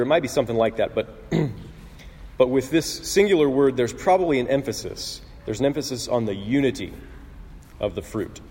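A man preaching a sermon in an earnest, conversational way, often clearing his throat and restarting phrases. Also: mid-range voice, darkish tone. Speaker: pastor. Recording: husky voice in a long-reverb hall.

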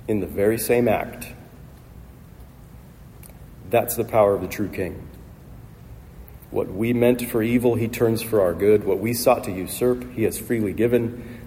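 A man's voice: on the low side, mellow. A male pastor preaching a sermon with emphatic, repetitive rhetorical phrasing, recorded in a church hall. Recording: long hall reverb, faint noise.

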